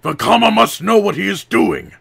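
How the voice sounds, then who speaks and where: A man voicing a steady, practical male earth warrior who speaks urgently and earnestly. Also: high-pitched, normal speed, gravelly, breathy edge, pitched above the performer's own voice, exaggerated voice. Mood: urging. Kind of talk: audiobook character voice.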